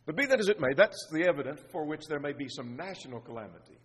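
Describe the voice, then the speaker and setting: A man's voice: a little high, expressive, fast talker, husky. A man preaching an expository sermon, earnestly piling up rhetorical questions. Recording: long reverb of a large hall.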